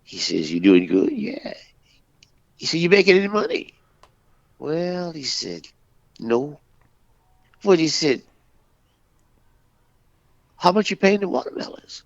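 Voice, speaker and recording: A man co-hosting a talk radio show, telling jokes in a folksy, drawn-out way and voicing the characters' dialogue. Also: on the high side, sing-song, gravelly, no echo. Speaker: radio co-host. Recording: dull, lo-fi dry radio recording.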